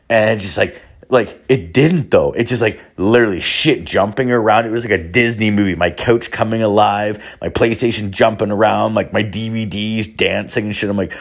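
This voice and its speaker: A man's voice: lowish voice, a little fast. A young man hosting a podcast, telling a rambling, profane story full of "like" and curses. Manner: rambling, profane, heavy use of "like". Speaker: podcast host. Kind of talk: casual storytelling.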